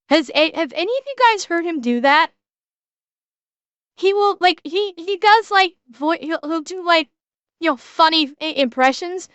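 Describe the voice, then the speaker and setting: A woman streamer chatting casually as she reacts to a video, halting and repeating her words as she hunts for them, swearing freely. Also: sits high, a bit bright, no room sound.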